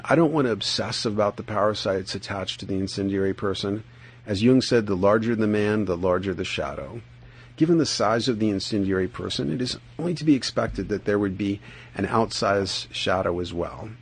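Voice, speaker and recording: A man hosting a podcast, reading his own first-person dream journal and commentary in a deliberate, measured way, sometimes drawing phrases out slowly. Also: lowish voice, slightly rough.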